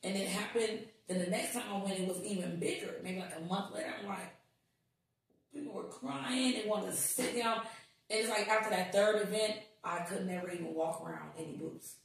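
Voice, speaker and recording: Animated woman in an echoey room. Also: medium pitch, fairly quick, vocal fry. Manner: animated, swearing, acts out quotes. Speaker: podcast guest. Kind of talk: casual storytelling chat. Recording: echoey room, distant mic.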